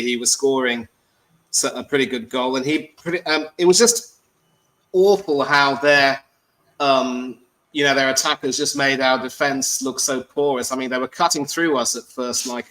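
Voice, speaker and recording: Measured, wordy male football caller. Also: mid-range voice, bright, forceful tone, rough recording. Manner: measured, wordy, with many ums. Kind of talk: articulate casual chat.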